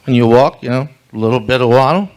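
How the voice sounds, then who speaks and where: A man voicing a helpful male skunk in a told joke, listing things slowly and deliberately. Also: medium pitch, a little mellow, clear, resonant tone, close to an everyday voice. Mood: explaining.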